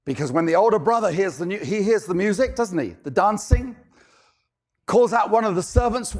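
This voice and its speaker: A man preaching a sermon, animated, firing off rhetorical questions and acting out characters. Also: high voice, brisk.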